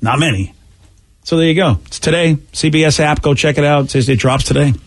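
Male radio host, husky and a touch high, loose rambling studio banter. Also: brisk. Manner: rambling, self-correcting.

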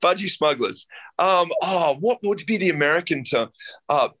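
A man with an Australian accent, a guest musician chatting casually in an interview, playful and quick to laugh. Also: a little high. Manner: laughs often, animated and playful.

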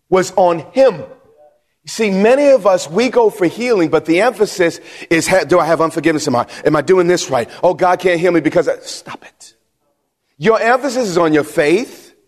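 A man preaching a sermon from the pulpit, emphatic, repeating himself and putting questions to the congregation. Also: on the high side. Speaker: pastor. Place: church sanctuary. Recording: long hall reverb.

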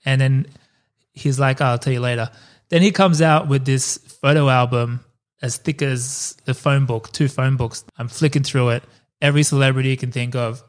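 Male podcast co-host, casual rambling storyteller, swears freely, mid pitch. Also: fairly even intonation, normal speed. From Australia. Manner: loose storytelling with swearing and asides. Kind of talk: casual chat.

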